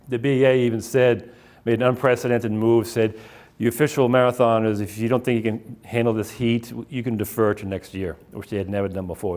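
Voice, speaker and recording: A middle-aged author from the Boston area gives a casual slideshow talk at a library, telling running stories in a loose, anecdotal ramble. His ordinary-pitched voice has a darkish tone, and he often restarts sentences and drops in "uh" and "um."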